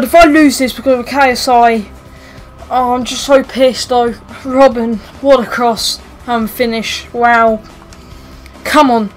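A young woman giving excitable gameplay commentary, swearing, pleading and shouting at the match as it unfolds. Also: high-pitched. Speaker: gaming YouTuber.

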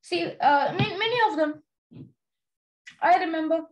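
A young Indian girl with a very high-pitched voice leads a children's Bible study, earnestly sharing a personal story in a sermon-like testimony. She speaks a little slowly, uses many fillers and keeps checking in with "okay?", and the recording is rough.

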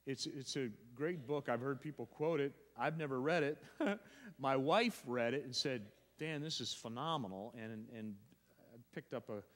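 A man's voice: mid-range voice, unhurried. A male pastor preaching a sermon, emphatic and repeating phrases, often restarting his sentences. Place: church sanctuary. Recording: long church reverb.

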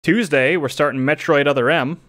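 A man's voice: on the high side, brisk, dry recording, studio quality. A man hosting a game stream, chatting casually and rambling with fillers as he wraps up the session. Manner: relaxed, rambling, with frequent fillers and laughs. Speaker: streamer host. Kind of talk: casual stream sign-off chat.

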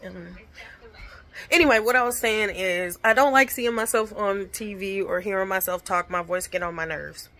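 A woman's voice: mid-range voice, moderate pace, pushed and bright. A woman chatting bluntly in a casual home vlog from her kitchen, swearing freely and talking with her lips barely open. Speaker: vlogger.

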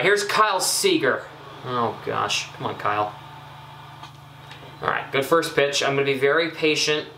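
Young guy talking thru his game, bright forceful voice, kinda echoey room, faint hum behind. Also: medium pitch. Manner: chatty, excitable, self-critical with frequent ums and uhs. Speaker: gaming YouTuber. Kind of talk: casual gameplay commentary.

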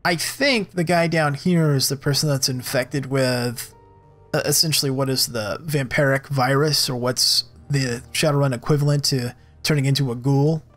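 A man hosting a let's play, reading game text aloud and thinking out loud in a relaxed, casual way. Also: medium pitch, normal speed, faint music behind.

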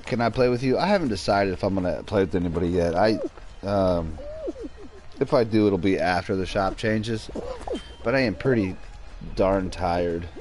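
A man's voice: low voice, moderate pace. A man streaming a game, chatting casually with viewers and his pet. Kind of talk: casual livestream chat.

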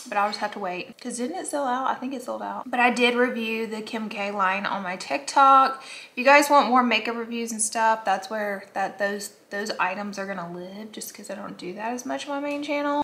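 A woman's voice: mid-range voice, bright, forceful tone, slight background noise. A woman in her thirties chatting candidly through her makeup routine in a casual vlog, with lots of "like", talking to the camera at home. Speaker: beauty vlogger. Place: home, getting ready at a mirror.

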